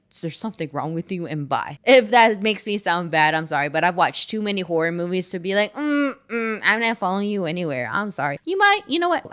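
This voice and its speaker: Chatty Texan woman, low voice. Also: fairly bright tone. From Texas. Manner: chatty, rambling, drawls and jokes about scary things. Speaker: horror channel host. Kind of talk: casual storytelling chat.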